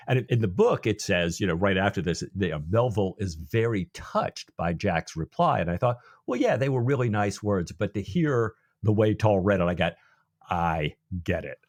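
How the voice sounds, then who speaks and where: A man's voice: fairly low pitch, dry recording, studio quality. A man co-hosting a podcast, chatting casually about a novel and acting out the characters' lines. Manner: animated, acts out characters' lines. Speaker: podcast co-host. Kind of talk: casual book discussion.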